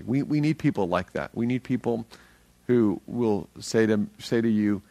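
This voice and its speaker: A middle-aged man preaching a sermon as a pastor, energetic and earnest, speaking conversationally with frequent restarts. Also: fairly low pitch, a little slow, creaky, dry recording.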